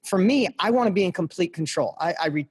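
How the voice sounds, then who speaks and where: Husky high-voiced motivational man. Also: expressive, fast. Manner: passionate, emphatic, repeats phrases for punch; speaks straight to listeners. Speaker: podcast guest. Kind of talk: motivational storytelling.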